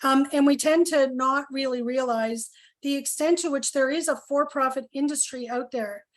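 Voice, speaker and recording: A middle-aged woman from Canada giving an earnest, emotional speech at a town hall meeting, with many pauses and apologies. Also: high voice. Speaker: health coalition speaker at a town hall.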